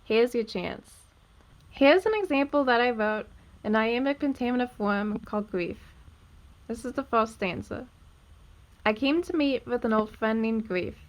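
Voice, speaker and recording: Bright-voiced young woman explaining poetry. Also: a little high. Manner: clear, deliberate, slows to stress syllables. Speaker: student teaching poetry. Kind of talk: scripted educational narration.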